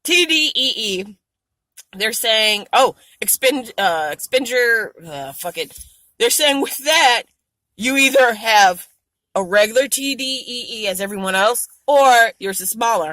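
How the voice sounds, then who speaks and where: A woman vlogger venting frankly to camera, swearing a lot and growing animated and exasperated. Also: no echo, poor audio. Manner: frank, heavily profane venting; animated, rising to high exasperation. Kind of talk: casual vlog rant to camera.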